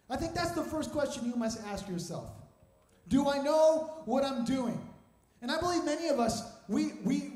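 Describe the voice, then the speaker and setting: Man, young adult, sermon, very high voice, lively storytelling, echoey hall. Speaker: preacher.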